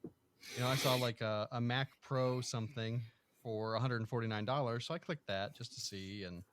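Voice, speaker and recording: Brief: male co-host, mid-pitch, deadpan delivery, faint hiss behind. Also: normal speed. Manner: dry, deadpan, sounds sarcastic. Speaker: podcast co-host. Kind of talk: casual live podcast chat.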